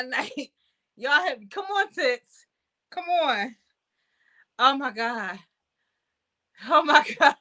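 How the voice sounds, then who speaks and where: A woman chats casually on her livestream, teasing guests and breaking into laughter. Her voice sits high and swoops around a lot. She talks slowly, with a bright, sharp tone. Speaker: livestream host.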